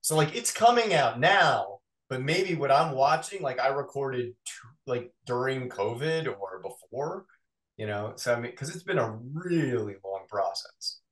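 A man talks about his work in a casual interview, jumping between quick bursts and laughter-edged asides. His voice sits at a middling pitch and carries a noticeable room echo. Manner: animated, quick, self-mocking storyteller. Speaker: voice actor guest. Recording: roomy echo.

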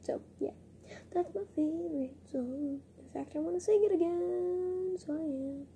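Young female vlogger, high mellow voice, chatty, rambling, self-mocking. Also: unhurried, vocal fry, a little hiss or hum. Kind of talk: casual vlog chat.

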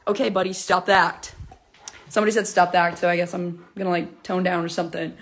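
A woman's voice: fairly low pitch, steady tone, a little fast, a bit bright. A young woman hosting a casual live stream from home, talking in a hyper, rambling, giddy way into her phone. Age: young adult. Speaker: livestream host. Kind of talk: casual livestream chat. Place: at home, alone.

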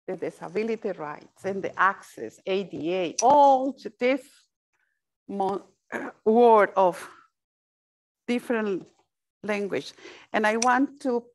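A woman speaks to a room of service providers at a mid-range pitch. Her talk is earnest and halting, full of restarts and repeated words. She drops phrases into her English. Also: poor audio. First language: Spanish. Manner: mixes Spanish phrases into English. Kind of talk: panel talk.

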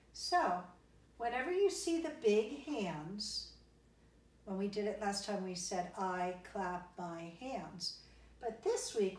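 A woman teaching a kindergarten music lesson, cheerful and encouraging, singing and clapping rhythms with the children. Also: mid-range voice. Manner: cheerful, sing-song, slow and encouraging, spells and claps along. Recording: echoey room, voice from a distance.

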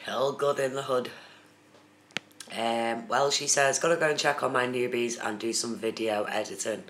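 A woman's voice: extremely low pitch, moderate pace, fairly bright tone. A woman from the UK chatting casually on a live stream, reading out viewer comments and answering them. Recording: echoey room with faint noise.

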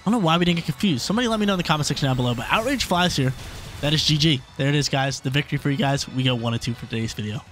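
A man hosting a gaming channel, chatting excitedly and thinking out loud as he commentates a video game battle, with a scratchy throat. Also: on the high side, racing, soft background music. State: coughing, throat irritated.

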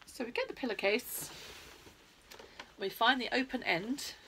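British lady showing little kids a craft, bit of vocal fry, lively and chatty, hissy recording. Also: fairly high pitch, measured pace. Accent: British English. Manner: animated, playful, talks straight to children. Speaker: children's craft presenter. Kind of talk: crafting lesson for young children.

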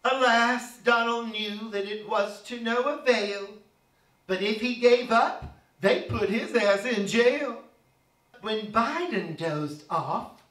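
A man's voice: very high voice, slow, fairly bright tone. A man in drag persona reciting a mocking comic poem in rhyming verse, recorded from a distance in an echoey room. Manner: campy, mocking storyteller delivery. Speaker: drag performer.

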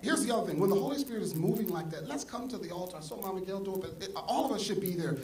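Guy pastor preaching, gets loud then goes quiet, roomy church sound with the congregation in the back. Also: sits high, racing, distant mic, crowd noise. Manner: animated preaching that swings between soft asides and loud exclamations. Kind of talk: sermon. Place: church sanctuary. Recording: echoey church hall, mic from afar, congregation audible.

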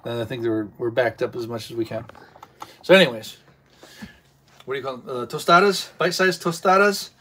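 A man's voice: medium pitch, brisk, pauses often, fairly bright tone. A man co-hosting a home cooking vlog, joking in an easygoing way and trailing off mid-sentence while he tastes the food. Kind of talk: casual chat while taste-testing food.

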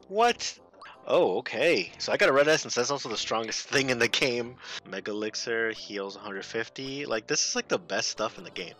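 A man giving lively let's play commentary, laughing and talking back to game characters. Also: medium pitch. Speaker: gaming video host.

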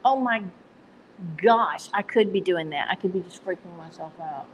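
A woman's voice: on the low side, moderate pace, background noise. A woman with a Texan accent hosting a casual live stream, chatty and self-deprecating, laughing at her own slips. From Texas.

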